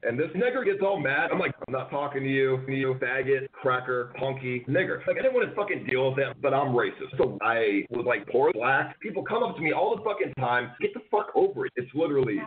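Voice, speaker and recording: Male caller, crude rambling rant, lively pitch, tinny phone line with faint hiss. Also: fairly quick, few pauses. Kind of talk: casual rant.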